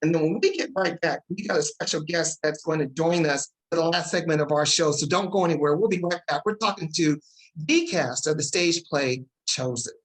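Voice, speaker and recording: A woman hosting a talk show, excited and emotional as she introduces her guest. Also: deep voice, low-quality recording. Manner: excited, fast-talking, emotional.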